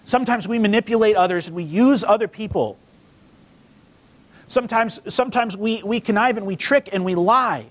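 A man pastor giving a casual, conversational sermon in a church, reading scripture and acting out the quotes. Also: moderate pace. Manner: conversational, acts out quotes with lively pitch. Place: church sanctuary.

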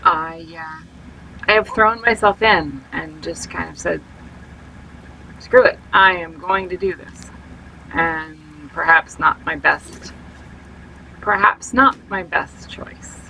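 A woman's voice: on the low side, slow pace, vocal fry, long pauses, bright, forceful tone, a little hiss or hum, rough recording. A woman streaming a game live and chatting to her viewers, self-mocking and full of exclamations. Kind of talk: live gameplay commentary.

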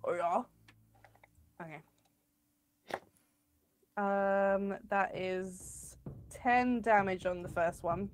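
A woman's voice: mid-range voice, steady tone, extremely slow, long pauses, a little hiss or hum. Playful woman player at the table. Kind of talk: casual tabletop game chat.

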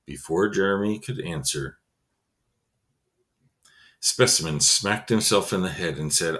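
A man's voice: low voice, unhurried, pauses often, fairly bright tone. A man reading a children's novel aloud expressively, adding casual asides. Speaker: reader.

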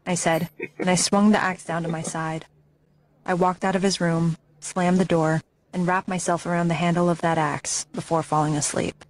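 A woman's voice: on the low side, little pitch movement, moderate pace, no room sound. A woman narrating a memoir audiobook with intense, emotionally charged reading.

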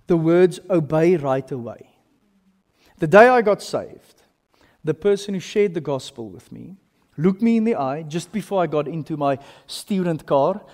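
A man in his thirties with a South African accent, preaching a sermon as pastor, telling stories animatedly and swinging between loud and hushed. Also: sits high. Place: large church hall. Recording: long reverb in a church hall.

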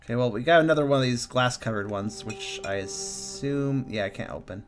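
A man's voice: medium pitch, fairly quick, faint music behind. A man streaming a game, chatting casually, joking and swearing freely, often trailing off into mumbles. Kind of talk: casual let's-play chat.

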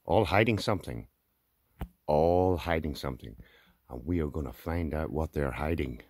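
A man's voice: extremely low pitch, expressive, normal speed, darkish tone, no room sound, studio quality. An Irish man chatting in a casual, joking way while walking through a forest for his vlog. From Ireland. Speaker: vlogger. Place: outdoors in a forest.

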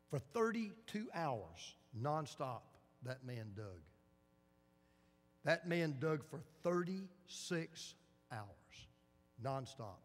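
A male pastor preaching a sermon in a church, telling a story with dramatic repetition. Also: medium pitch. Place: church sanctuary. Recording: long church reverb.

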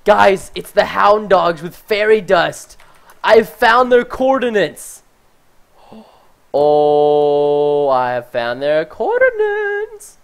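A man giving chatty, excitable live commentary while playing a game, talking to his viewers and easily startled. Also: high voice. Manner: talks to chat and viewers. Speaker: gaming livestreamer.

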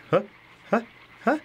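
A young man giving casual commentary while he plays a video game. He gets excitable, talks to the characters on screen and repeats phrases. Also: a little hiss or hum. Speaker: let's play host.

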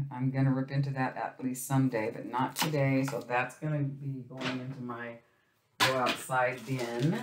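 A woman's voice: rumbling low, a little hiss or hum. Chatty woman in an echoey room. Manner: chatty, storytelling, addresses viewers as "you guys". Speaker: crafting vlogger. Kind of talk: chatty crafting vlog.

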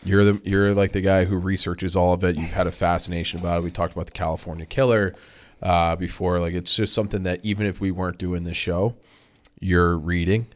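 Deep-voiced easygoing young man. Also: level tone, fairly quick. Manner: easygoing, conversational, frequent "like" and backchannels. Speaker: podcast co-host. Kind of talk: casual podcast chat.

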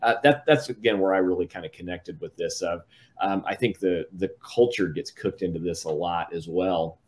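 Middle-aged man, low pitch, casual panel talk, halting and full of fillers. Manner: hesitant, many restarts and fillers. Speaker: book discussion panelist. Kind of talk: casual conversation.

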